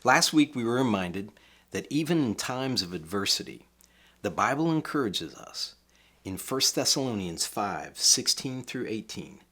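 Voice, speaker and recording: A man preaching a video sermon, leaning hard on key words as he reads scripture. His voice is low, bright and forceful, with a husky edge. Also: very animated. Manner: emphatic, measured scripture reading. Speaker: pastor.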